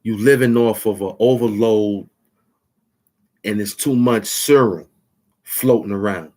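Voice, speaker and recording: A man's voice: on the low side, measured pace, a little mellow. Taunting man ranting to the camera. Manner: taunting, rambling, boastful. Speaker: channel host. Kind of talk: trash-talking rant at the camera.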